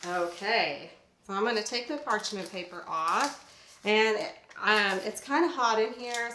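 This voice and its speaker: A woman's voice: mid-range voice, bright, forceful tone, echoey room. A woman vlogging a casual cooking demonstration in her home kitchen, bubbly and laughing often as she works. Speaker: recipe vlogger.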